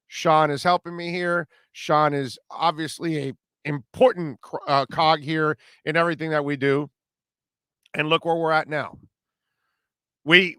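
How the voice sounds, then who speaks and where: A middle-aged sports radio host with a high-set voice gives a blunt, preachy talk. He speaks close to the mic in a dry studio, hitting each point in short, emphatic bursts. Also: sharp tone, clear, resonant tone, no echo. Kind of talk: opinionated sports talk monologue.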